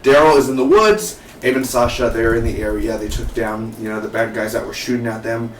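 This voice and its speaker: A man giving a casual, excitable TV review, rambling and asking his viewers questions, recorded in a roomy space from a distance. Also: mid-range voice, a little fast. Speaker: TV show reviewer. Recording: roomy, distant mic, faint noise.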